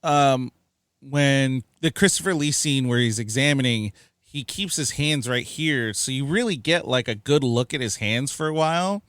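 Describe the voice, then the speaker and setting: A man co-hosting a film review podcast, talking in a chatty, animated way with plenty of fillers. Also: medium pitch, moderate pace, clean tone, dry recording, clean studio sound. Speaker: podcast co-host. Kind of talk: casual film review chat.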